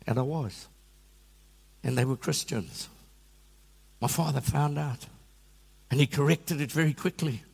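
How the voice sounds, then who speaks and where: A man preaching a sermon in a church, telling animated, self-mocking stories. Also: mid-range voice, unhurried, vocal fry, long pauses, husky, in a large hall. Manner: animated storytelling with self-deprecating humor. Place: church hall.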